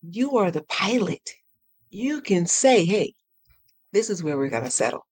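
A woman coach guesting on a podcast, speaking in a lively, animated way, laughing often and acting out her inner voice in playful high tones. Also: measured pace, breathy edge, no echo. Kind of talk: casual podcast interview.

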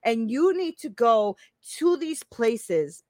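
A woman's voice: a little high, big pitch swings, slow pace, a little mellow, no echo. A woman in her fifties, a life coach talking casually to a live-stream audience, emphatic and repeating her phrases, often checking in with "right?". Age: 50s.

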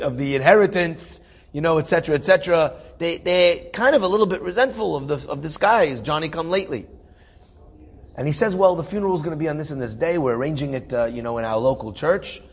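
A man telling a story out loud in a casual, animated way, with fillers and restarts. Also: medium pitch, breathy edge. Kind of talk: spoken storytelling.

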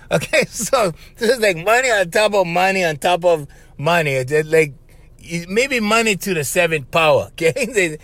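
A man hosts his podcast in a loose, animated monologue, his voice sitting high and bouncing all over. He talks in a conspiratorial, buddy-to-buddy way, and the sound is dry and close to the mic. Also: moderate pace, no room sound. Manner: animated and conspiratorial, tags lines with "bro" and "right?". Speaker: podcast host. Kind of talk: casual rambling monologue.

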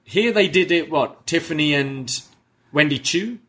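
A man's voice: a little high, animated, unhurried, a bit bright, a little hiss or hum. A man co-hosting a casual wrestling review podcast, retelling scenes and laughing often. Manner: recounts scenes with quoted lines, laughs often. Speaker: podcast co-host.

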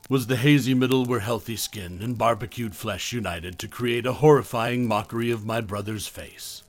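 A man reading a horror story aloud as a podcast narrator, measured, sinking soft and low at tense moments. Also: dry recording. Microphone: close studio mic, dry.

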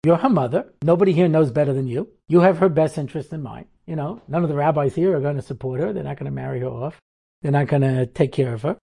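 A man's voice: a little high, fast talker, vocal fry, warm tone, breathy edge. A middle-aged man, a rabbi and seminary teacher, giving a storytelling lecture and acting out the people in his stories.

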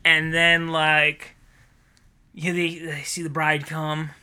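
A podcast co-host riffs through a casual comic chat in a high, very bright voice. He laughs often and slips into goofy skit voices mid-story. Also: monotone, smooth. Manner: laughing, acting out silly skits in quick put-on voices.

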